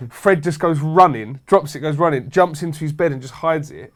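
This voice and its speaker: A man's voice: on the high side, moderate pace. A young man telling rowdy anecdotes in casual chat, swearing freely and laughing as he goes. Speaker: show regular.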